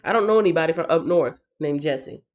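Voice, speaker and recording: A woman from the northern United States hosts a casual live stream and reads scripture aloud, chatting straight to her viewers and laughing easily. Her voice sits a little low. The stream audio comes through slightly dull and lo-fi. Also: expressive, fairly quick. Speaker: live-stream Bible reading host. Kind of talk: casual live-stream chat and Bible reading.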